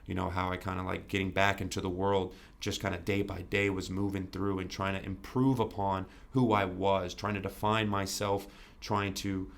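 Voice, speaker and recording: A low-voiced man with vocal fry appears as a guest on a podcast. The conversation is a candid interview, and he speaks sincerely, repeats things, leans on "you know," and swears in a relaxed way.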